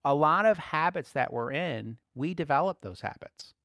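A man giving conversational Bible teaching as a preacher, relaxed, laughing lightly and repeating key phrases. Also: a little high, normal speed, no echo, clean studio sound.

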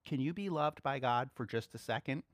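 A man preaching a sermon, swinging between soft, quiet asides and loud, excited exclaiming. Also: mid-range voice, moderate pace, no echo, studio quality.

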